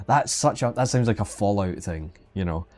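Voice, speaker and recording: On a live stream with faint background music, a 3D sculpting instructor teaches digital sculpting while chatting casually and joking. His voice sits on the low side with a darkish tone, and he often restarts his sentences.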